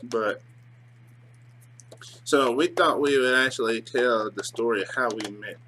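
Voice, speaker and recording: A man's voice: mid-range voice, unhurried, pushed and bright. A man hosting a casual mukbang vlog, chatting in an easygoing way about his food while eating. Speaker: vlog host. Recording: noisy home recording.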